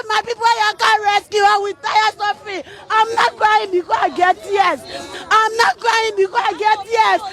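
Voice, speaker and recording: Sobbing Liberian woman pleading outdoors. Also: very high-pitched. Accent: Liberian English. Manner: crying and shouting, pleading. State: crying. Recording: crowd noise from a street clip.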